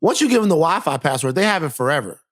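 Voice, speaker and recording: A man's voice: on the high side, big pitch swings, fast, fairly bright tone, no echo, clean studio sound. A man co-hosting a podcast, telling a story in casual chat and acting out the quotes with animation. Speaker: podcast co-host.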